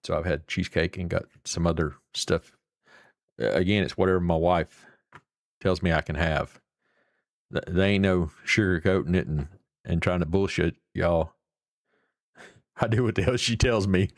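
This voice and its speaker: A man's voice: low-pitched, normal speed, long pauses, no room sound, clean studio sound. Folksy Appalachian man on a live stream. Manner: folksy, rambling, drawling, salty. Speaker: livestream host. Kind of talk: casual live-stream chat with viewers.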